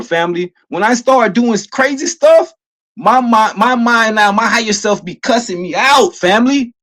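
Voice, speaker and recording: Emphatic man with a high voice. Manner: repetitive, emphatic, keeps addressing listeners as family; gets loud and emotional at times. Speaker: motivational vlogger. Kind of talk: motivational talk.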